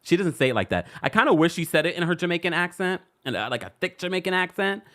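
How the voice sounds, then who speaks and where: A man's voice: sits high, big pitch swings, fast, pushed and bright. A man hosting a celebrity gossip show, chatting casually with his live audience in a playful, teasing way, laughing often. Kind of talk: casual commentary to a live chat.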